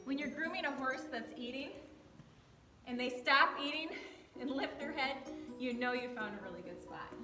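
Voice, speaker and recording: A woman vlogging about her horse in a casual, excited way, with plenty of fillers, speaking at a barn while grooming her mare. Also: sits high, normal speed, faint music behind. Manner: excited and chatty, many fillers. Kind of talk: casual vlog chat. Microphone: handheld camera.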